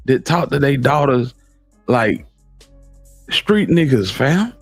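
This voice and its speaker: A man's voice: mid-range voice, very animated, slow pace, pauses often, husky, no echo, soft background music. A man in casual commentary, reacting to clips with slangy, incredulous asides.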